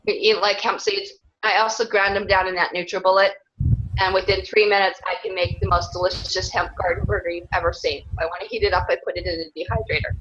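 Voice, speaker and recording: A woman in a casual interview who rambles earnestly from one thought to the next and laughs often between them. Her voice sits at an ordinary middle pitch. The recording is dull and lo-fi. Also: fairly bright tone, a little hiss or hum. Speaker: interviewee, self-described clan mother. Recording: dull lo-fi sound.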